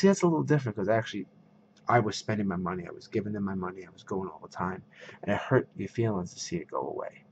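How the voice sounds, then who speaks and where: A man's voice: on the low side, darkish tone, dull audio, a little hiss or hum. A man vlogging a casual rant to camera, retelling conversations with quoted voices.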